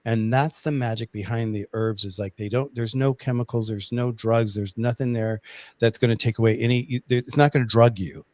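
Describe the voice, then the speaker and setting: A man's voice: medium pitch, steady tone, normal speed, a little mellow, no echo. A man chatting as a guest on a video call, telling stories in a rambling, enthusiastic way. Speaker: guest, pet herbal company representative. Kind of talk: casual video chat.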